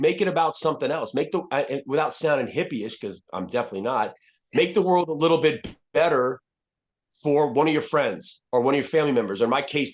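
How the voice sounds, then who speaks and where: Brief: man, 50s, retired soldier on a podcast, blunt and profane, mid-pitched, candid storytelling. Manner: blunt, profane, frequent restarts and fillers.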